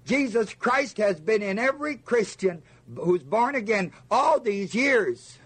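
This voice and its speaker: A man's voice: high voice, very animated, unhurried, a bit bright, slightly rough. An older man teaching a Bible lesson to a listening group, asking them questions and answering himself with emphasis. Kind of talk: sermon teaching.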